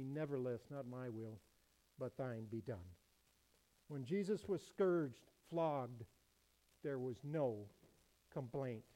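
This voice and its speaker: A man preaching a sermon in a measured, emphatic way. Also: medium pitch, dark tone, poor audio. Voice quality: emphatic, measured delivery with many quotations.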